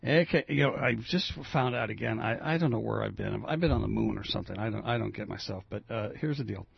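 A man's voice: fairly low pitch, fast, vocal fry, husky, no echo, lo-fi sound. A male radio host in casual, rambling, self-mocking chat.

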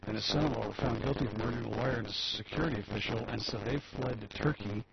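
Gravelly man rambling through the news. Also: mid-range voice, racing, over a noisy crowd. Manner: rambling, chatty, reads news aloud with asides. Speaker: talk show host. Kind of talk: casual news commentary. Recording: dull lo-fi recording with loud background hiss.

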